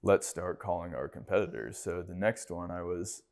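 A man on a podcast, a business owner telling lively anecdotes and acting out other people's lines. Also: sits low, normal speed. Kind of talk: casual storytelling interview.

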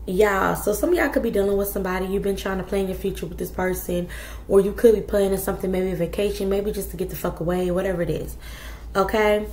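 A woman's voice: mid-range voice, fairly even intonation, quick pace, darkish tone, a little hiss or hum. Casting note: woman tarot reader, blunt and profane, chatty, roomy echo. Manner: blunt, profane, chatty, addresses viewers as y'all. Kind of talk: casual tarot reading.

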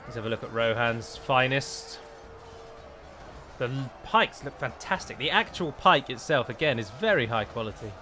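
A man's voice: medium pitch, moderate pace, bright, forceful tone, slight background noise. A British man commentating on his strategy game, exasperated and swearing freely as the battle goes wrong. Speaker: strategy game let's-player. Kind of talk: gameplay commentary.

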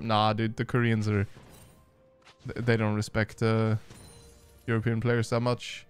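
A man's voice: medium pitch, smooth, soft background music. Chatty male esports caster. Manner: loose and chatty, frequent fillers and restarts; turns brisk during play-by-play. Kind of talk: casual game review commentary.

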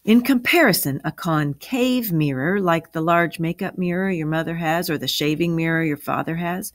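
A woman reading a story aloud and voicing a patient grandfather who calmly explains things to his grandchildren. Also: on the low side, moderate pace, no echo, clean studio sound, close to an everyday voice. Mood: explaining. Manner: calm, steady explaining.

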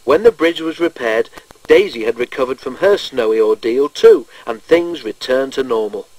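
A man reading a children's railway storybook aloud in a measured, gentle storytelling manner. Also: medium pitch, animated, dry recording, poor audio. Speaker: narrator.

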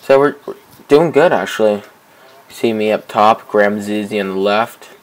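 A young man casually commenting on his own soccer video game match, excitable and repeating himself as he begs teammates for the ball. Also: fairly low pitch, normal speed, poor audio. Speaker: gameplay commentator. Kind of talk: casual let's-play commentary.

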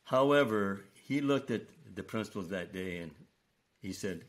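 An older man, a retired school principal, telling stories from his career in an earnest, unhurried way during an interview. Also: fairly low pitch, lively intonation. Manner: slow, earnest storytelling with quoted dialogue. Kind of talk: storytelling interview.

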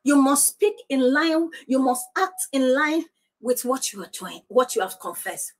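A woman's voice: sits high, animated, measured pace. A woman pastor preaching on divine healing, insistent and repeating declarations, praying aloud. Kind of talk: sermon teaching on divine healing.

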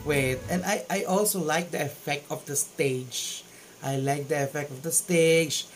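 A man's voice: fairly high pitch, unhurried, faint music behind, rough recording. A man with a Filipino accent hosting a casual reaction video, gushing with exclamations of amazement. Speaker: YouTube reaction vlogger.

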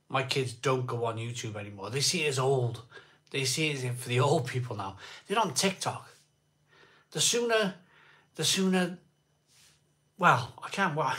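A man's voice: mid-range voice, bright, forceful tone. A man chatting casually with viewers on a live beer stream, greeting people by name and rambling between topics. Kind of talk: casual chat reading live comments.

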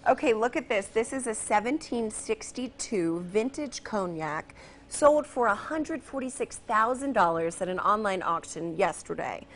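A woman's voice: medium pitch, normal speed, slight background noise. A woman anchoring local TV news, reading a story and bantering playfully with her co-host. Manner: playful, lively.

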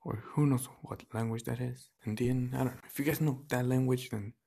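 A man's voice: mid-range voice, fairly even intonation, brisk, gravelly, dark tone, slightly rough. A man chatting casually to his viewers in a vlog, rambling offhand with plenty of "like" and "so yeah". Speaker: vlogger.

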